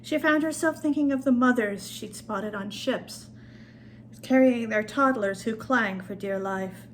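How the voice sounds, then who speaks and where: A woman author reading her own short story aloud in a calm storytelling manner. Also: on the high side, a little slow, slight background noise.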